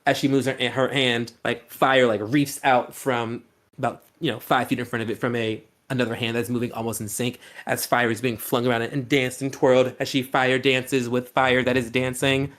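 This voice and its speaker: A man's voice: medium pitch, little pitch movement, moderate pace, fairly bright tone. A man as game master, narrating a scene loosely with many fillers and restarts.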